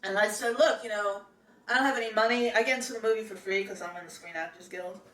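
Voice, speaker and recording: A woman's voice: medium pitch, fast, fairly bright tone, recorded from a distance. A middle-aged woman, telling a personal story in a chatty, meandering way, full of fillers and restarts. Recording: echoey room, voice set back from the mic.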